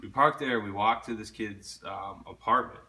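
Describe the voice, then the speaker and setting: A man's voice: fairly low pitch, moderate pace, sharp tone, slight background noise. A young man telling a story in casual chat, laid-back, swearing often and laughing along.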